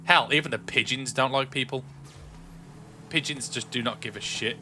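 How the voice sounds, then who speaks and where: Streaming a game at home, a young English-accented man from England's Black Country keeps up a chatty ramble, full of filler and restarted phrases. He speaks at a moderate pace in a sharp, medium-pitched voice, with a little hiss or hum on the recording.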